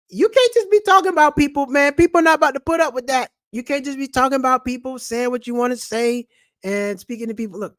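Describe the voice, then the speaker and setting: A middle-aged man rants about money straight to camera, animated and preachy, with plenty of street slang. His voice sits high for a man, recorded dry and close with no room sound. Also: no echo. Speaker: channel host and comedian. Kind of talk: casual personal finance vlog.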